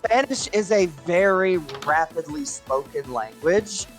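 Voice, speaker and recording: Casting: co-player, casual animated storyteller, mid pitch, faint music under. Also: measured pace. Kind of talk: casual gaming chat.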